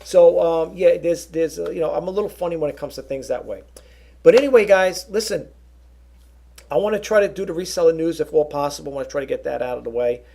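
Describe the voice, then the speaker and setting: Raspy, gravelly-voiced man vlogging. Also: fairly high pitch, quick pace, mellow. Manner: rambling, earnest, with frequent restarts and asides to viewers. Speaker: YouTube vlogger and eBay reseller. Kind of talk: casual vlog monologue.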